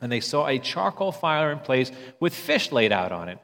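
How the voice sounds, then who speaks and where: A man's voice: mid-range voice, big pitch swings, moderate pace, fairly bright tone, in a large hall. A man preaching a sermon in a conversational way, often stumbling and repeating words as he restarts.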